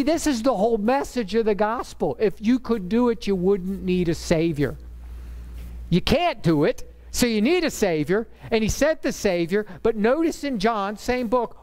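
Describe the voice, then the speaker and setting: A man's voice: high voice, measured pace. A middle-aged man preaching a sermon as pastor, telling stories in an emphatic, conversational way. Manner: animated storyteller, emphatic and conversational.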